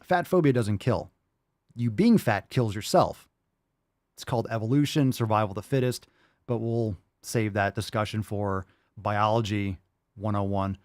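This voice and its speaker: A man's voice: on the low side, normal speed, darkish tone, dry recording, clean studio sound. A man hosting a livestream podcast, reacting to clips with a profane, exasperated rant. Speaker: podcast host.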